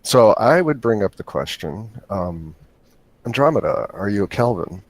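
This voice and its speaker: A man's voice: fairly low pitch, very animated, normal speed. A man playing a tabletop role-playing game, speaking formally and asking questions. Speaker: player. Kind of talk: in-character role-play.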